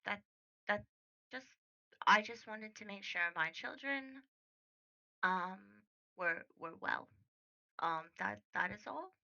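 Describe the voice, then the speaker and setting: A woman voicing a curt, formal middle-aged politician mother, speaking slowly and hesitantly with stiff politeness. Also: medium pitch, expressive, vocal fry, pushed and bright, muffled recording, exaggerated voice. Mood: awkward, stiff.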